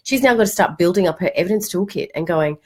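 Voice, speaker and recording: Lively middle-aged woman, a money coach. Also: lowish voice, fast, slightly rough. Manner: animated storytelling, acts out quotes, casual swearing. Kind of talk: casual livestream talk.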